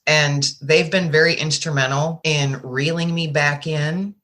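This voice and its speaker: Bright-voiced woman, candid podcast guest. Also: sits low, steady tone, a little slow. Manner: plainspoken, candid, folksy. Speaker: guest author. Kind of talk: podcast interview.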